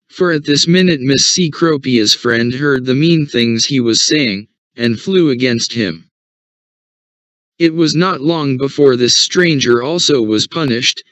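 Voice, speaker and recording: A man narrating a short story for English learners in an even, measured reading. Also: mid-range voice, no room sound. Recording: dull, dry recording.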